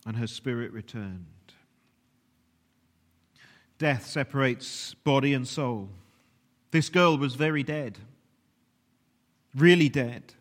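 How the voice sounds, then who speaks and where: A man preaching a sermon earnestly, at times dropping to a hushed, almost whispered voice. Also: medium pitch, a little slow, pauses often. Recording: long reverb of a large hall.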